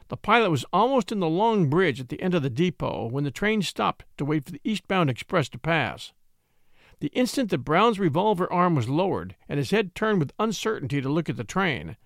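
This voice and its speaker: A man reading an old adventure story aloud as narrator, with a lively, dramatic delivery. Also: on the high side, gravelly, no room sound, clean studio sound.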